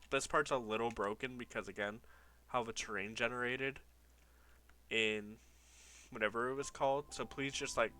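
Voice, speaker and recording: A man's voice: mid-range voice, sharp tone. A young man giving casual commentary over old gameplay, nostalgic and laughing often as he reads his old signs aloud. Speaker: gaming YouTuber.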